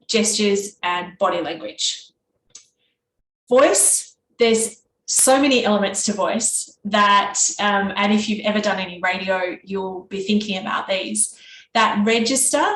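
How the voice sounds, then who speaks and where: A woman with a nasal Australian East Coast accent presenting a teacher workshop in an easy conversational way. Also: mid-range voice. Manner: can be monotone; conversational, with fillers and restarts. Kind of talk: workshop talk. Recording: echoey room with faint background noise.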